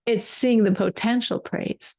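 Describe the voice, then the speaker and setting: A woman's voice: fairly high pitch, fairly even intonation, unhurried, vocal fry, a little mellow, dry recording, clean studio sound. A woman teaching a Torah class, telling a story with emphatic repetition. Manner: emphatic, repeats words for weight.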